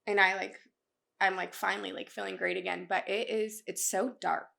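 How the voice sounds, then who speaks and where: A young woman talks openly as a podcast guest, her voice gravelly with fry at mid pitch. She speaks with emotion, filling her speech with "like" and restarts. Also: level tone, normal speed, sharp tone. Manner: candid, emotional, many fillers. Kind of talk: casual podcast conversation.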